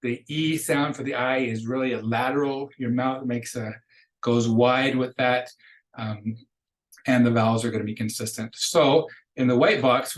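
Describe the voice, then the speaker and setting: A man teaching a recorded beginner language lesson, explaining casually and slowly modeling each phrase twice for students to repeat. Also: mid-range voice. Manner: casual explaining with restarts between drills. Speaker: Spanish teacher.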